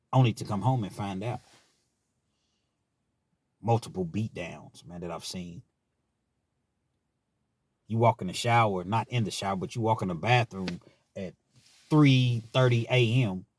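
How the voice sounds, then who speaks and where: Low-pitched Kentucky man, dry close sound, casually recounting prison life in a frank way. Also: a little mellow, dry recording. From Richmond, Kentucky, US. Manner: laid-back, frank, often ending phrases with "man". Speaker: channel host telling prison stories. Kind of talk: casual storytelling monologue.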